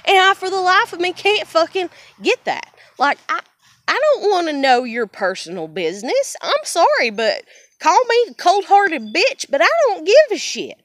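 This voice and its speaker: A woman's voice: very high-pitched, big pitch swings, normal speed, a bit bright, slight background noise. A young woman from the United States venting bluntly to camera in an emotional personal rant, swearing heavily. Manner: blunt, heavy swearing, fiery. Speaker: vlogger.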